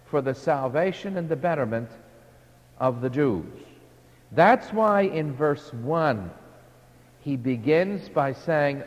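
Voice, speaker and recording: Slow, emphatic preacher in a reverberant hall. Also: male voice, on the high side, dull audio. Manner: emphatic, acts out imagined speakers, rises and drops in volume. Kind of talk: sermon.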